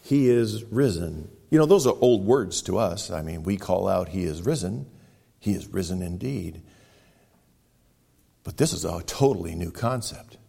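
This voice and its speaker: A man preaching a sermon, retelling a story dramatically, with sudden loud exclamations and quiet, hushed stretches. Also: low-pitched, expressive, measured pace, gravelly, husky. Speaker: pastor.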